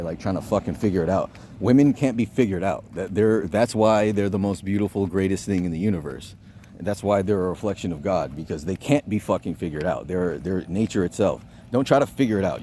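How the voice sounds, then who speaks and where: This dating-advice vlogger has a mellow voice on the low side and chats casually into the camera. He curses freely, wanders off topic, and often repeats himself or starts a sentence over, with a little hiss or hum in the recording.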